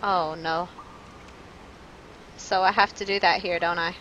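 A woman streaming live gameplay, talking to her chat in a jumpy, nervous way with quick laughs. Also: lowish voice, fairly even intonation, sharp tone, muffled recording, a little hiss or hum. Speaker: game streamer.

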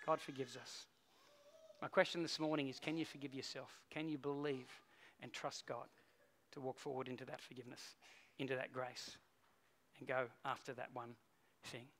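A middle-aged man, preaching a sermon as a pastor and telling a story, swinging between hushed and loud. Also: medium pitch, level tone, normal speed, a little hiss or hum.

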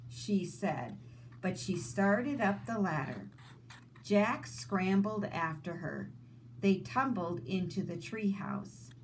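A woman teacher reading a children's book aloud, in slow, expressive storytelling. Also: medium pitch, slight background noise, rough recording.

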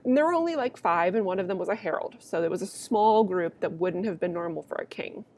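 A woman's voice: on the low side, lively intonation, a little fast, a little mellow. A young adult woman teacher reading a play aloud and explaining it to students in a casual, chatty way, with sarcastic asides.

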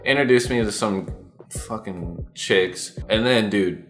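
A man's voice: lowish voice, slow pace, soft background music. A young man telling a story on his vlog, slangy and profane, acting out his own past lines. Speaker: vlogger.

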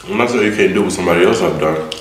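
A man chats casually while he eats, relaxed and a little mumbled between mouthfuls. His voice sits very low. The room is echoey, with a faint hiss behind him. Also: rapid-fire. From Atlanta, US. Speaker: mukbang host. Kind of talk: casual eating vlog chat. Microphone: close mic for eating sounds. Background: eating and crunching sounds.

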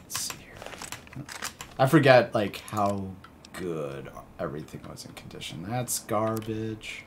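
A man streaming a game live, giving excitable, jokey commentary, swearing and laughing often. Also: fairly low pitch, slow, a little hiss or hum.

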